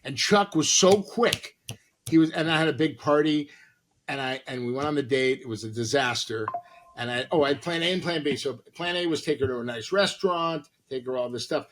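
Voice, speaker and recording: A man's voice: medium pitch, a little fast, a bit bright, slight background noise. A man who is a comedian and actor, a podcast guest telling a long, rambling, profane anecdote full of quoted dialogue.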